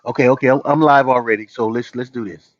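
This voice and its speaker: A man's voice: medium pitch, steady tone, fast, dry recording. A man hosting a livestream, chatting casually and joking with his viewers in a loose, rambling way. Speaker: livestream host. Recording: dull, dry lo-fi stream audio.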